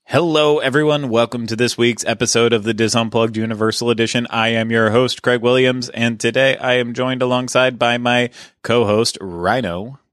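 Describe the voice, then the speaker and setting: A man's voice: mid-range voice, little pitch movement, moderate pace, fairly bright tone, no echo, clean studio sound. A man hosting a podcast in casual, chatty talk, joking asides about his own habits. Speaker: podcast host.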